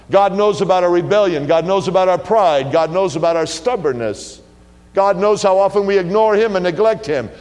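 A male pastor delivers a sermon in a church sanctuary, his pitch leaping and falling with lively emphasis. He swings between loud declarations and hushed low lines. A long reverb tail follows every phrase.

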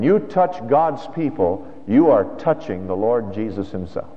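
A male pastor with a mid-range voice and lively intonation talks a little slowly, barely pausing at all. He preaches conversationally, posing rhetorical questions. The church recording sounds dull and lo-fi, with a long hall reverb.

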